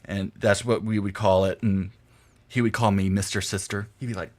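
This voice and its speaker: A man's voice: fairly low pitch, flat delivery, normal speed. A young adult man chatting casually on a game stream, rambling through stories and laughing often. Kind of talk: casual gameplay stream chat.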